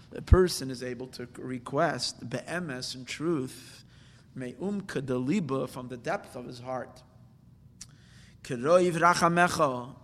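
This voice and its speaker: A man teaching a Hasidic text class, emphatic, with sudden high bursts and soft asides. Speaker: Torah teacher. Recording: echoey hall with faint rumble.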